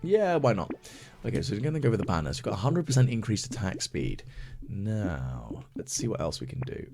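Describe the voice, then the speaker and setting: A man's voice: on the low side, big pitch swings, fairly quick, warm tone. A man giving chatty ASMR gaming commentary as a let's play host, thinking aloud and mocking his own mistakes. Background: game music.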